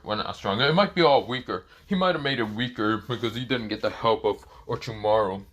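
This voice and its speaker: A man telling an improvised fan story in a loose, rambling way, circling back with fillers and restarts. His voice is bright and forward, at an ordinary male pitch. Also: lively intonation, a little fast, hardly any pauses. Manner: rambling, restarts with "this is where, well". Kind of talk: improvised fan-fiction narration.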